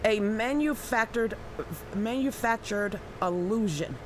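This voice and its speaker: An excitable woman runs a casual live stream, reading viewer comments aloud. Her voice sits fairly high, and she stumbles through restarts before bursting into exclamations. A faint background hum sits under her talk. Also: slow.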